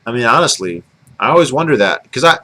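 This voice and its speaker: A man's voice: mid-range voice, sing-song, quick pace, bright, forceful tone, poor audio. A man from Michigan with a Michigan accent, musing to his camera in a rambling vlog, full of fillers and self-corrections. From Michigan, United States. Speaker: video blogger. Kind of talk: casual talk to camera.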